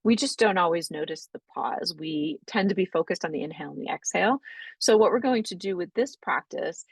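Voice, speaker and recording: A woman teaching breathwork, guiding slow breathing exercises in a gentle, unhurried way, often checking in with "right?". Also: fairly low pitch, big pitch swings, gravelly, breathy edge, dry recording, low-quality recording. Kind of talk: guided breathing instruction.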